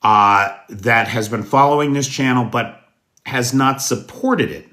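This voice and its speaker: An American man hosting a casual livestream news show, greeting viewers by name in a folksy, unhurried way. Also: medium pitch, pushed and bright. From United States. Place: indoors at night.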